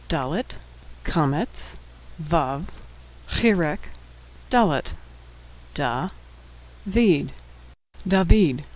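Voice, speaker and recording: A man with a notably high speaking voice teaches a language lesson. He sounds out each letter and vowel in steady, careful turns before joining them into whole words. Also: low-quality recording. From United States. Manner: sounding out letters and syllables slowly. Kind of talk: scripted narration.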